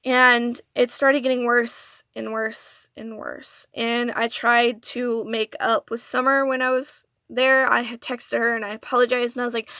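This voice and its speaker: A young woman recounts a hard personal story in a storytime vlog, earnest and confessional. Her voice is bright and a little high, recorded close in a dead, dry space. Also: dry recording. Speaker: vlogger.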